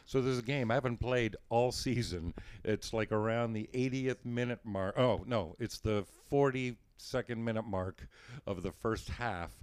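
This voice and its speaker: A man's voice: medium pitch, unhurried, hardly any pauses, clean tone, no room sound. A man hosting a podcast, telling a self-deprecating story in a casual way and laughing through it. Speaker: podcast host.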